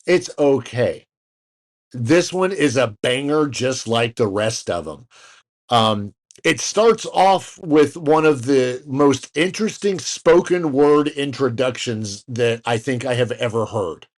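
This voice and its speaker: A man's voice: mid-range voice, slow pace. Male podcast co-host, casual and rambling, mid-range voice, plenty of fillers and side jokes. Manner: rambling, lots of fillers and restarts, jokey asides. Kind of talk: casual chat.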